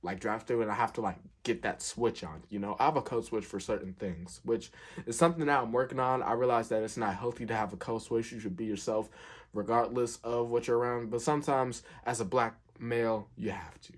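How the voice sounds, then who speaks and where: A young man telling a work story in a casual, animated way, acting out the quotes with big jumps in pitch. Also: fairly quick. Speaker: storyteller, fast food worker.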